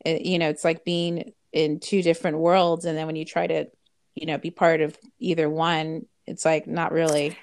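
A woman's voice: deep voice, flat delivery, moderate pace, a little mellow, no echo, studio quality. A woman from the Los Angeles area, co-hosting a podcast and talking in an easygoing, reflective casual chat. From greater Los Angeles area. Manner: easygoing, reflective, prompting questions. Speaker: podcast co-host.

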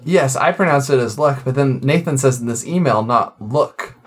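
A man's voice: medium pitch, slightly rough. A man from Portland co-hosting a podcast, laid-back and joking as he chats. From Portland, Oregon. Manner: slow, laid-back and joking, often laughing off his words. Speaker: podcast co-host. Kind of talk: casual chat.

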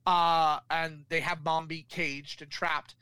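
A male podcast co-host casually recaps a film plot for his co-host, animatedly acting out the characters' lines as he goes. His voice is on the high side, slow, and clean-toned with no echo, though the audio is poor.

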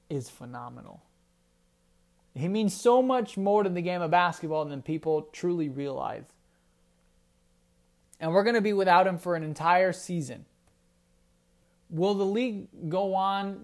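A man hosting a solo sports podcast, talking casually and rambling with restarts. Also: high voice. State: briefly choked up. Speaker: podcast host.

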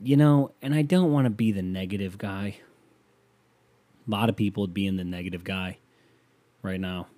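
A man's voice: low voice, normal speed, pauses often, mellow, no room sound. Sarcastic rambling male podcast host. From United States. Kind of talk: casual podcast monologue.

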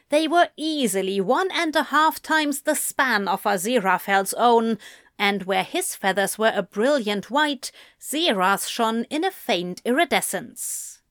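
A woman reading a story aloud at an unhurried pace, her voice bright with a lively, rising and falling melody. The recording is close and dry, with no room echo. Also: medium pitch. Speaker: audiobook narrator. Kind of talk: storybook narration.

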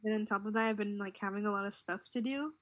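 A young adult woman co-hosts a podcast, keeping the chat relaxed and rambling while saying "like" a lot. She talks fast in a mid-range voice, with no echo.

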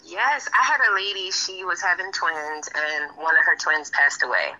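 A woman's voice: deep voice, normal speed, lo-fi sound. A woman in her thirties, a registered nurse, telling stories in an interview and acting out the voices of the people in them. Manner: animated storyteller, acts out quoted voices. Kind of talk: heartfelt conversational interview.

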